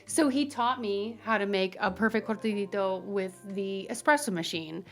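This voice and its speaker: A woman, a guest barista, talking earnestly and telling stories in a relaxed interview. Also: medium pitch, moderate pace. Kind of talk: casual interview.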